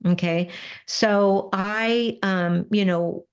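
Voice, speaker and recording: A woman guest in an interview, telling stories in a lively, animated way and acting out what people said. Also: mid-range voice, very slow, clean tone. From Spanish-speaking family. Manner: lively, animated, acts out quoted exchanges. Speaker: interview guest, business coach. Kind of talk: casual storytelling.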